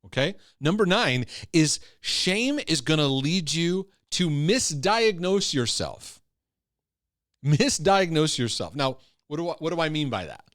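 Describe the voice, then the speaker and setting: A man's voice: fairly high pitch, sing-song, moderate pace, hardly any pauses, fairly bright tone, no echo, studio quality. A man, a Christian teacher and former pastor, teaching to camera with emphasis, repeating key phrases and checking in with "right?" and "okay?".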